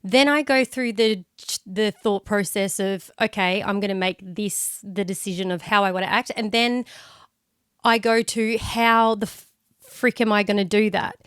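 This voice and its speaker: A woman in her thirties talks candidly and emotionally as a podcast co-host, swearing freely as she goes. Her voice is smooth and clear. She is recorded close on a dry studio mic. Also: medium pitch, steady tone, normal speed, fairly bright tone, no room sound. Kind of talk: casual chat.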